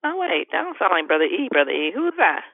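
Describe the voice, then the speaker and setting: A woman leads a morning prayer call with fervent prayer and easy greetings to each caller. Her voice carries a gravelly edge at a middle pitch. It comes through a tinny, dry phone line. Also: sing-song, fast, no room sound. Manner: fervent prayer, warm greetings, frequent laughs. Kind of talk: prayer and devotional teaching on a call. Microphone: phone on a conference call.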